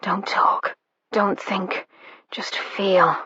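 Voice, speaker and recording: Whispered role-play: low, breathy male lover, read by a woman, urgent hush, dry close sound. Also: unhurried, dry recording, muffled recording, full character voice.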